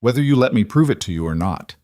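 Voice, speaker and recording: A man playing a calm, reserved mafia boss who speaks in a measured, matter-of-fact way. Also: mid-range voice, no room sound, studio quality, natural voice.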